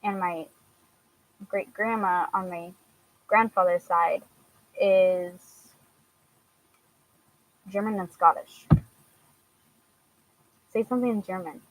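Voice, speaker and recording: A woman's voice: fairly low pitch, slow pace, pauses often, low-quality recording. A young woman from Washington chatting casually to her viewers, hesitant with frequent fillers and laughs. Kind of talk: casual chat answering viewers.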